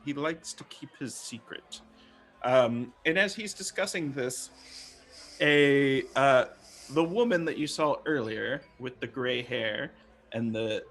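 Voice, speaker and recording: A man running a tabletop game, narrating slowly and steadily with lots of ums and uhs. His pitch sits in a middle range, and there is soft music in the background. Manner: unhurried, filler-heavy narration. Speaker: game master.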